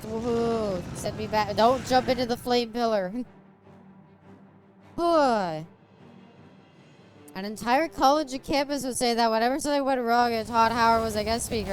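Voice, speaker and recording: A woman streaming a game, chatting casually in a giggly, rambling way and making crude jokes. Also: mid-range voice. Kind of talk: casual gameplay chat.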